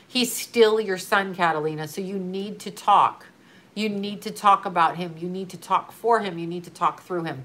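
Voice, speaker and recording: A bright, clear-toned middle-aged woman talks straight to one listener. She speaks as a grieving mother in an earnest, urgent way, repeating her points and swearing now and then. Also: mid-range voice. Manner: earnest, urgent, repetitive coaching with occasional swearing. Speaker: grieving mother giving advice to another mother. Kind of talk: emotional casual talk to a viewer.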